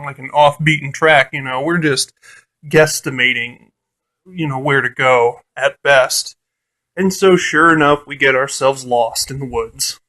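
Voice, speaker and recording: A man casually retelling a tabletop adventure, laughing often and cursing freely. His voice sits a little high, and he talks slowly, with plenty of fillers. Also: fairly bright tone. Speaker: tabletop game player. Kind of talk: casual storytelling.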